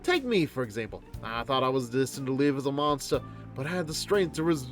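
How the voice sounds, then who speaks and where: A man's voice: mid-range voice, expressive, a little fast, faint music behind, pitched below the performer's own voice, natural voice. A man voicing an earnest young woman fortune teller, talking solemnly and from the heart, now and then slipping into a blunt country dialect while reading game dialogue aloud on stream. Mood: heartfelt.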